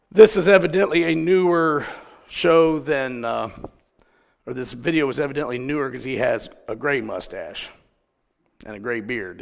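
This is a man of medium pitch with vocal fry, sounding like he's in a big room. He gives a conversational sermon, weaving in stories and putting questions to his congregation.

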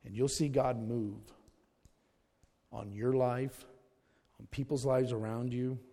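A man's voice: mid-range voice, steady tone, slow, mellow, in a large hall. A man preaching a sermon, emphatic, repeating his key words and calling his listeners folks.

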